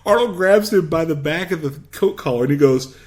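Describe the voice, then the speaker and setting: A man co-hosting a podcast recaps a movie in casual chat, animatedly acting out its scenes in big voices. His voice is a little high with a darkish tone, and he speaks animatedly and a little fast.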